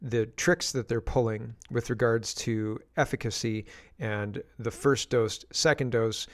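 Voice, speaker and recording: Chatty skeptical Canadian commentary host. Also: male voice, mid-range voice, steady tone, unhurried. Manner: chatty, skeptical, restarts often. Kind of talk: casual livestream commentary.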